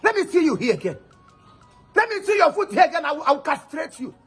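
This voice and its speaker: A man playing an angry, shouting older Nigerian father in a comedy skit, scolding and threatening his daughter's suitor. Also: very high-pitched, very animated, fast, soft background music, heavily acted. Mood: furious. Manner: loud scolding, insults and threats.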